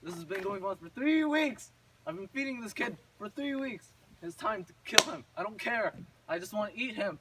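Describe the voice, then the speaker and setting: A man's voice: high-pitched, lively intonation, fairly quick, fairly bright tone, distant mic, a little hiss or hum, rough recording. A man voicing a hungry, scheming old witch in a blunt, impatient way, in a casual storybook retelling.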